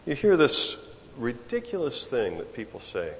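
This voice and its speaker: A male preacher gives a sermon in an easy, conversational way, often repeating words as he builds a point. His pitch swings widely and stays animated. The voice echoes with the long reverb of a large hall. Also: normal speed, slight background noise.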